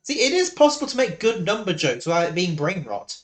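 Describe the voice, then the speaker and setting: A man's voice: sits high, sing-song, a little fast, a bit bright, faint music behind. Chatty male streamer, raised voice. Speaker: streamer host. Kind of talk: casual chat while live-streaming a game.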